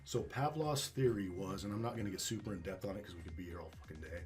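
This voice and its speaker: Brief: low-pitched male dog trainer, animated and blunt, casual interview, faint background music. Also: quick pace. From Northwest Arkansas. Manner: animated storytelling, acts out dog and owner with swearing.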